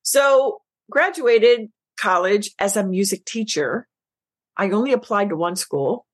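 A middle-aged woman, a business coach, telling her story as a podcast guest, emotional and animated, acting out quoted lines. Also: medium pitch, unhurried. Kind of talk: casual interview chat.

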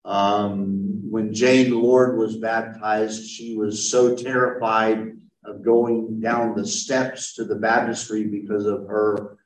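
A man's voice: lowish voice, flat delivery, slow pace. A man who is a pastor, leading a conversational Bible study with a group and answering their questions as he explains. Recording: roomy, mic far from speaker.

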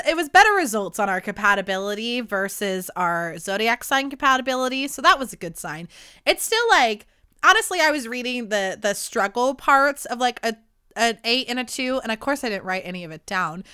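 Late-twenties woman hosting her own podcast: sharp, smooth voice, loose and profane, throat worn by allergies. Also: a little high, dry recording, clean studio sound. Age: late 20s. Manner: candid, rambling, swears freely. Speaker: podcast host. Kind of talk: casual solo podcast chat.

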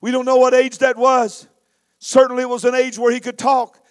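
A man's voice: very high voice, flat delivery, normal speed, clean tone. A man preaching a storytelling sermon with a dramatic, emphatic delivery.

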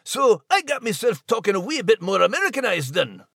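A woman's voice: medium pitch, very animated, a little fast, gravelly, a bit bright, slightly rough, no room sound, voice pushed down, heavily acted. A jolly Scottish-American character with a broad brogue, as a woman puts her on. The delivery is jokey and the sound is dry and close. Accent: put-on Scottish.

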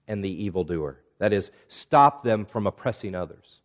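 A man preaching a sermon in a measured, reflective way, asking rhetorical questions of his listeners. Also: fairly low pitch, expressive. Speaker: pastor.

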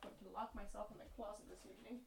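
A woman's voice: medium pitch, steady tone, very fast, creaky, over music. A woman co-hosting a casual podcast, sniffly from allergies, giggly and self-mocking. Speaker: podcast co-host. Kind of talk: casual chat.

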